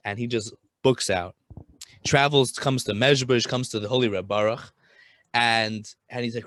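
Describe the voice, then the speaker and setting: A man recounts a Hasidic tale in a loose, casual way, often restarting his sentences. His voice sits in a middle pitch. It is recorded dry and close. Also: fairly even intonation, moderate pace, a bit bright, no room sound. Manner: informal, with frequent restarts and Yiddish terms. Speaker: storyteller.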